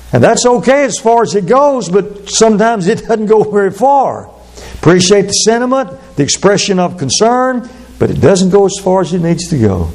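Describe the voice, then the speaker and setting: A man preaching a sermon, speaking slowly and deliberately, then breaking into quick asides. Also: high voice, darkish tone. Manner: measured, drawn-out delivery with sudden fast asides.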